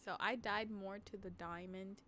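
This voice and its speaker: A woman's voice: mid-range voice, fairly even intonation, normal speed, fairly bright tone, slight background noise. A woman streaming a game, chatting casually in a playful, giggly, teasing way. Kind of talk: casual gaming stream chat.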